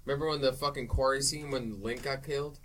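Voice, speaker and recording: A man co-hosting a podcast, recapping a film's scenes in casual, profane and animated chat. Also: mid-range voice, quick pace, recorded from a distance, background noise. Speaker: podcast co-host. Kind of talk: casual movie review chat.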